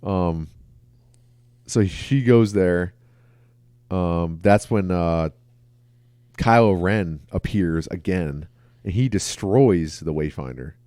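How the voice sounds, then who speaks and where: A man's voice: deep voice, takes it slowly, pauses often, mellow, no room sound. A man co-hosting a casual podcast, who rambles through plot retellings and swears freely. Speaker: podcast co-host. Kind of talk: casual film discussion.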